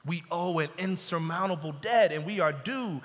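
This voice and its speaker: A man's voice: a little high, normal speed, fairly bright tone. A man preaching a sermon as pastor, building in intensity and dropping into pleading asides. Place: church sanctuary. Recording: long church reverb.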